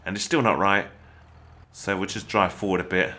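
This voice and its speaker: A man with an English accent, talking through a casual gameplay tutorial in a chatty, excitable way with jokey asides. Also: low-pitched, normal speed. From England. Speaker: gaming YouTuber.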